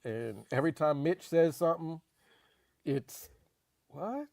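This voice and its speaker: A man with a slightly higher, gravelly voice chats loosely about sports and keeps coming back to the same points for emphasis. The sound is dry and close, with no room around it. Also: moderate pace, dry recording. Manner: animated, laughing, emphatic repetitions. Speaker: podcast co-host. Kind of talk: casual sports talk.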